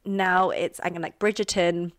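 A woman's voice: lowish voice, flat delivery, normal speed. A woman from London with a received pronunciation English accent, chatting casually with many fillers. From Northwest London, England. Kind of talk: casual chat.

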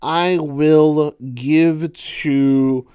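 A man's voice: a little high, very slow, clean tone, no echo. Exasperated man recapping a wrestling show. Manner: exasperated, sarcastic, animated storytelling. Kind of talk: casual opinion commentary.

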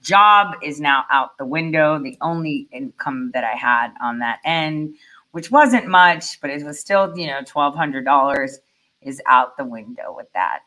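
Profane ranting woman, bright edge. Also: low voice. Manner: ranting, profane, rhetorical questions. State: furious. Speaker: commentator reacting to a speech. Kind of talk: angry reaction commentary.

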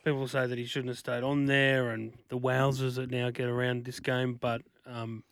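A man's voice: mid-range voice, flat delivery, moderate pace, vocal fry, fairly bright tone, clear, resonant tone, dry recording. A man, co-hosting a casual sports chat with wry, dry humour.

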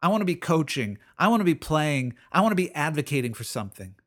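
Earnest middle-aged man, slightly high voice. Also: sing-song, fast. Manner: earnest, repeats phrases, restarts sentences. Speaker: podcast host. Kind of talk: personal faith reflection.

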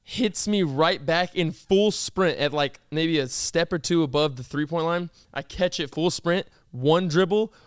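Young man, podcast host, animated storyteller, fairly high voice, dry close sound. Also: a little slow, hardly any pauses, clear, resonant tone, dry recording. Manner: animated storyteller, incredulous teasing bursts. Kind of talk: casual chat.

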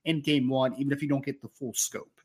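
A man's voice: medium pitch, fairly even intonation, a little fast, darkish tone, breathy edge. Upbeat man hosting a football podcast. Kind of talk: casual sports analysis chat.

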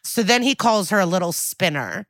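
A woman co-hosting a podcast, recapping a TV episode in casual chat, animated and blunt, with laughs and asides. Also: medium pitch, moderate pace, no echo. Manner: blunt and outspoken. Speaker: podcast co-host.

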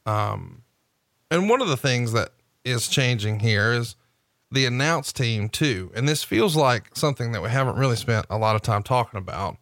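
A man's voice: mid-range voice, lively intonation, moderate pace, a bit bright, dry recording, clean studio sound. A man hosting a casual podcast chat, recapping events and asking teasing questions. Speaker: podcast host.

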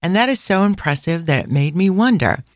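Podcast co-host: chatty middle-aged woman, mid pitch, close dry sound. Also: lively intonation, fairly quick, no room sound. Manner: chatty, laughs often. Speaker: podcast co-host and travel planner. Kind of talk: casual travel podcast chat.

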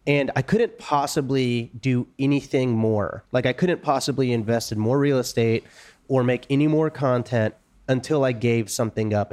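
A man hosting a casual conversation, telling a story in a lively, animated way. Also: mid-range voice. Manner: animated storyteller, laughs and acts out quotes. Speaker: podcast host.

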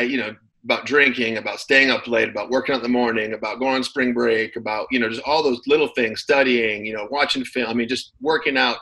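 A man in his thirties recounting his playing days in a laid-back, rambling way, full of fillers and restarts. His voice is bright and forward, sitting at a middle pitch. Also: poor audio. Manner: relaxed storyteller, many fillers and restarts. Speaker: guest, former football player. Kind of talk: casual interview chat.

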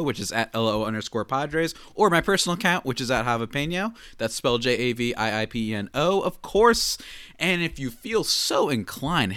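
Man, podcast host, bright tone, dry close mic, upbeat casual delivery. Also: medium pitch, dry recording. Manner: upbeat, hyped intro with big swoops. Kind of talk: casual sports podcast talk.

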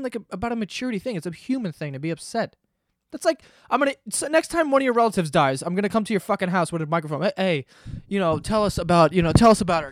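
A young man hosting a podcast, ranting in a casual, animated and profane way. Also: high-pitched, no room sound, studio quality. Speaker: podcast host. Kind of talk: casual monologue rant.

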